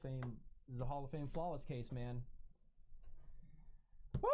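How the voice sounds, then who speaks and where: A woman hosting a live card break, exclaiming excitedly over each card. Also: extremely low pitch, measured pace, pauses often.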